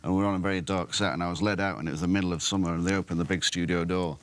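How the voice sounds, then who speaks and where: A man telling an amused, animated anecdote in an interview. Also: low voice, racing, no room sound. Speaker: actor guest. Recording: faint background noise.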